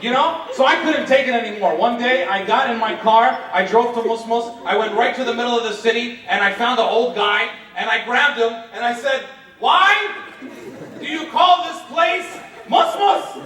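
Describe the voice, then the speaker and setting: A man's voice: extremely high pitch, brisk, few pauses, a bit bright. A man of Palestinian heritage performing a stand-up set, teasing the crowd with mock-scolding and playful rhetorical questions. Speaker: stand-up comedian. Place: large banquet hall. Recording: echoey hall, distant mic, crowd laughter. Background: audience laughter.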